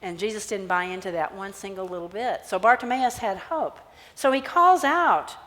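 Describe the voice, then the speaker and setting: A woman pastor giving a sermon, animated as she tells a Bible story and acts out its characters. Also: mid-range voice, normal speed. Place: church sanctuary. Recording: church hall reverb.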